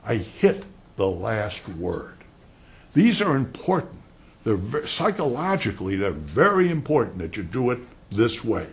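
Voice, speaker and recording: An older man giving an animated law lecture on cross-examination, acting out both roles and swinging between loud and soft. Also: fairly low pitch, measured pace. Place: lecture hall.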